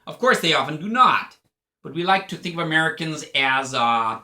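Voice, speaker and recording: A man's voice: on the high side, lively intonation, normal speed, sharp tone. A man with an Irish accent giving a chatty spoken lesson and explaining things as he goes. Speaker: English teacher. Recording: echoey room.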